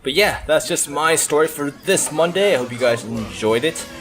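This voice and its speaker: A man, a gaming channel host, telling a story in a chatty, animated way, full of "like" and "uh". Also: a little high, normal speed, slight background noise. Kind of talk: casual storytelling over gameplay. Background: faint background music.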